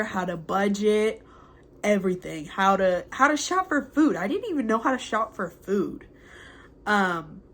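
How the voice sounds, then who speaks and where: Young woman, mid-pitched, speaking a heartfelt letter at home, slow and hesitant. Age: young adult. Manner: slow, halting and reflective, with many pauses and fillers. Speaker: former student addressing a mentor. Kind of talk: heartfelt spoken letter to camera.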